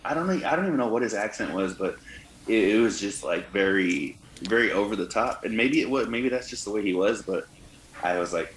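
A man's voice: on the low side, lively intonation, brisk, fairly bright tone. A man co-hosting a podcast, chatting in a rambling, profane way with lots of fillers and restarts. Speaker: podcast co-host. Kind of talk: casual chat. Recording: roomy echo with faint noise.

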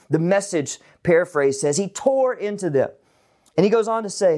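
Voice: medium pitch, animated, moderate pace, darkish tone. A Bible teacher giving a casual, conversational online lesson, with chatty asides to the viewers.

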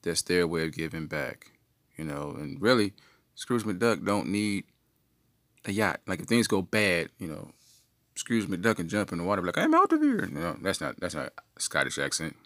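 A man's voice: low voice, expressive, moderate pace, creaky, fairly bright tone, no echo, studio quality. A man hosting a comedy podcast, rambling through playful made-up stories. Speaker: podcast host.

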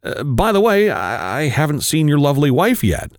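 A man voicing an eager young husband who stammers out quick, startled remarks. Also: on the high side, big pitch swings, dry recording, clean studio sound, pitched above the performer's own voice. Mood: flustered. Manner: flustered, quick exclamations.

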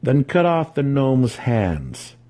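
A man doing a cold, cruel dark elf commander. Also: mid-range voice, husky, voice pushed up. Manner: cold, calm and measured.

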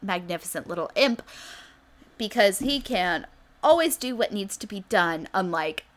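A woman co-hosting a comedy podcast, recapping a TV episode in casual chat with a sarcastic edge and quick acted-out character lines. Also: mid-range voice, animated.

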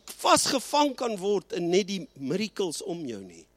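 Animated male preacher. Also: high voice, no room sound, clean studio sound. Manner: switches between Afrikaans and English, slows and rises for emphasis. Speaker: pastor. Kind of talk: sermon.

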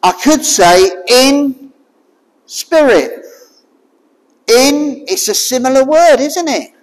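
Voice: sits high, animated. A preacher giving a sermon to a small congregation, asking the listeners question after question. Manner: slow, questioning, draws listeners in with repeated rhetorical questions. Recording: long reverb of a hall.

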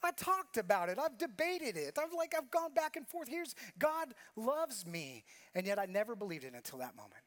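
High-voiced guy pastor preaching, earnest, confessional, repeats his lines. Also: very animated, normal speed, few pauses, fairly bright tone. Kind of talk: sermon.

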